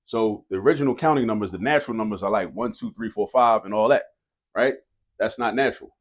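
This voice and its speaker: A man's voice: lowish voice, fast. A man teaching a math lesson, talking casually and directly to students, repeating each key rule for emphasis.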